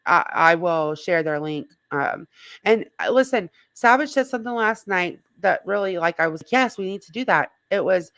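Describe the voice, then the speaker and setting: Hoarse woman rambling on a livestream, kinda low voice, dry close sound. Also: lively intonation, normal speed, fairly bright tone, no room sound. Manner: rambling, greets chat viewers by name. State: slightly hoarse. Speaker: livestream host. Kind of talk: casual livestream chat.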